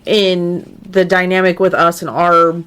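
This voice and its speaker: Slow-talking earnest woman podcaster. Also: fairly low pitch, little pitch movement, fairly bright tone, clear, resonant tone. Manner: earnest, lots of "like" fillers. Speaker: podcast co-host. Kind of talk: casual podcast chat.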